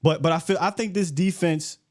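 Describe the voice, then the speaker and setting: A man hosting a sports show, arguing football in a casual, animated way and getting worked up. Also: fairly high pitch, a little fast. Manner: animated, gets worked up and loud. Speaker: sports podcast host.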